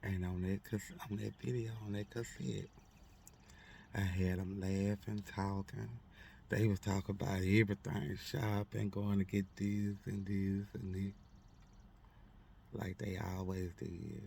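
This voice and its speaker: A man's voice: low voice, flat delivery, measured pace, vocal fry, dark tone, a little hiss or hum. A man telling a heartfelt personal story to his followers, repeating phrases and speaking straight to his audience.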